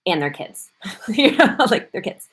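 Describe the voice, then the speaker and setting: A middle-aged woman hosting a live morning show, talking casually and animatedly, quick bursts broken up with playful acted-out quotes. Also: medium pitch, very animated, a bit bright, slightly rough. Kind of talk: casual live-stream talk.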